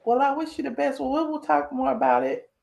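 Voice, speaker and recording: Gravelly woman hosting live call-ins, just chatting and laughing with callers. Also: sits high, big pitch swings, fairly quick, a little mellow. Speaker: host of a live call-in show. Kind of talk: casual live-stream chat.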